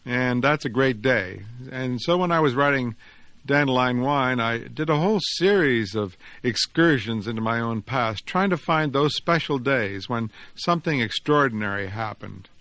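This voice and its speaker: A man reads his own story aloud with an expressive, measured storyteller's delivery. His voice sits in the middle range, and the recording is dry and close, with no room sound. He lingers over phrases and shapes each sentence. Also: medium pitch, no echo. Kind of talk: dramatic reading of fiction and reflective commentary.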